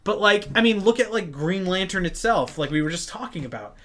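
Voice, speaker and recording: Guy cohosting a nerdy podcast, kinda high voice, rambles with tons of likes. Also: lively intonation, fairly quick, fairly bright tone. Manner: rambling, filler-heavy, acts out quotes. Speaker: podcast co-host. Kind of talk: casual nerd podcast chat.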